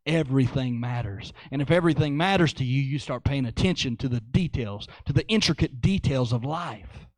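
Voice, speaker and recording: A man preaching a sermon in an animated way, repeating phrases for emphasis. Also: medium pitch, fairly quick, hardly any pauses, no room sound.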